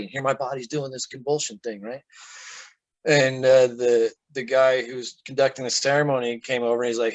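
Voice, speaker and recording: A man speaking as an interview guest, telling a personal story in a casual, animated way and acting out the quoted lines. His voice sits at a middle pitch, recorded dry with no room echo. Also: moderate pace. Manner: animated, acts out quoted speech.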